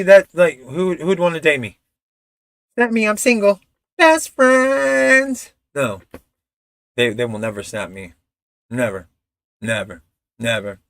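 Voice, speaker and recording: A man's voice: a little high, dry recording. A man chatting casually on a live stream, rambling and swearing freely, with a toddler at home. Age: adult father of a toddler. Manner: rambling, profane, loose.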